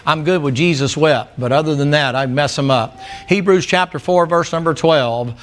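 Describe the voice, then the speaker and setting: A man's voice: fairly high pitch, moderate pace. A middle-aged man preaching a sermon in church, blunt and folksy, telling stories. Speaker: pastor.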